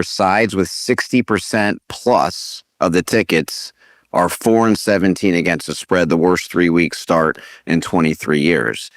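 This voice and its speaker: A man hosting a sports betting podcast, reading quick stats with a wry, dry sense of humor. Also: sits low, fairly bright tone, no room sound. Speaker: podcast host. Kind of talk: casual podcast segment hosting.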